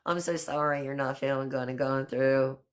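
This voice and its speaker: A middle-aged woman hosts a casual live stream, chatting warmly with her viewers and a friend. Her talk is loose and affectionate, full of "honey" and "girl.". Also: extremely low pitch, steady tone, normal speed.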